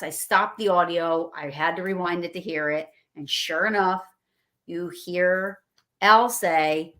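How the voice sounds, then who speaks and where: Excited, rambling woman telling stories. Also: mid-range voice, normal speed. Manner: excited, rambling storyteller acting out quotes. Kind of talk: casual livestream chat.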